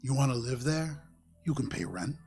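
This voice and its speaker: A man's voice: medium pitch, lively intonation, normal speed, darkish tone, lightly acted. A man playing a sneering, menacing male gang boss who mocks newcomers. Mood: mocking. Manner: mocking, menacing.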